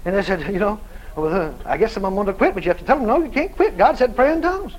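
A man's voice: sits high, expressive, fast talker, a little mellow, a little hiss or hum, low-quality recording. A male preacher telling a story in a sermon, acting out both sides of the conversation and often laughing as he tells it.

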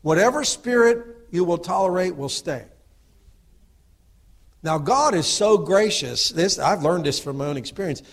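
A man's voice: animated, unhurried. Fervent middle-aged male preacher. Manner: fervent, swings from low asides to loud exhortation; asks the audience for agreement. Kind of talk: sermon.

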